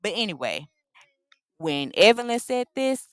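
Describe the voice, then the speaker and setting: A woman's voice: medium pitch, sing-song, a little slow, no echo. A woman hosting a casual reality TV recap, gossipy and slangy, acting out what the cast said. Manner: gossipy, slangy, acts out the cast's lines.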